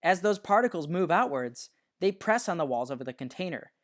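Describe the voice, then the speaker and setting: A science teacher narrating a scripted lesson in a patient, explanatory way, slowing down to stress key words. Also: mid-range voice, sing-song.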